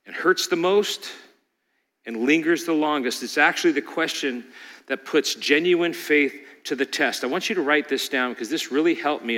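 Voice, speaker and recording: Pastor, male, bright forceful voice, swings from hushed stories to loud pleading, long echo of a big hall. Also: on the high side. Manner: rises to loud pleading peaks, drops to quiet storytelling. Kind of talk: sermon.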